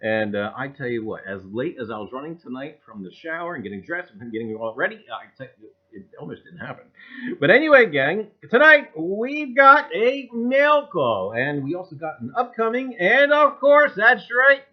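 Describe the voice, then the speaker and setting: A man hosting a casual livestream, greeting viewers exuberantly and repeating himself, swinging between loud calls and mumbled asides. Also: a little high, big pitch swings, brisk, highs cut off. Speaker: livestream host.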